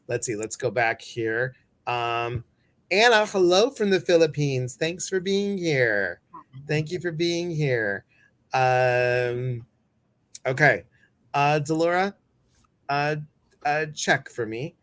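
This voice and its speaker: A man's voice: mid-range voice, slow pace, a bit bright, smooth. A man hosting a live stream, chatting casually, greeting viewers and reading their comments, with many fillers. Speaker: host.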